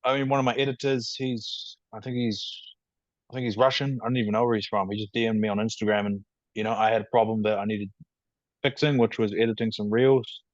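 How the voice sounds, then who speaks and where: A man with a New Zealand accent answers questions on a podcast in a low, even, matter-of-fact voice. His audio comes through a video call, dry and a little dull. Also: dry recording. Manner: measured, matter-of-fact, calls himself rational. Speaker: podcast guest. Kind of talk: casual podcast interview.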